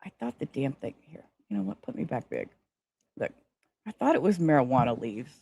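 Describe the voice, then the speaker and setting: Rambling woman livestreamer, lively pitch. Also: fairly quick, creaky, husky. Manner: rambling, scattered, swears casually. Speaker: livestream host. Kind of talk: casual livestream chat.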